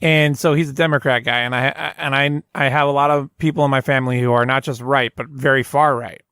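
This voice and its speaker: A man's voice: medium pitch, fairly even intonation, quick pace, a bit bright, smooth, dry recording. A man hosting a comedy podcast in casual chat, rambling and restarting as he tells stories. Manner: rambling, self-interrupting storyteller. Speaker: podcast host.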